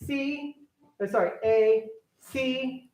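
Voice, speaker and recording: A young woman orchestra teacher directing a string rehearsal, briskly counting off and coaching her players. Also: high voice, a little mellow, distant mic, a little hiss or hum. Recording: echoey room, voice from afar, strings playing.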